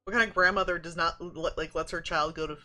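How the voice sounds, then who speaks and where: A young woman streaming a story game, reading it aloud and reacting with loud swearing and excited shrieks. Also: fairly low pitch, fast talker. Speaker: streamer playing and voicing a game. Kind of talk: casual gameplay commentary with voiced reading.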